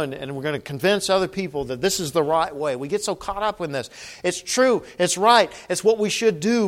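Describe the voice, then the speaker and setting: A man's voice: fairly high pitch, a bit bright. A man preaching a sermon as pastor, earnest, asking rhetorical questions and rising to emphatic calls. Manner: rhetorical questions with long pauses.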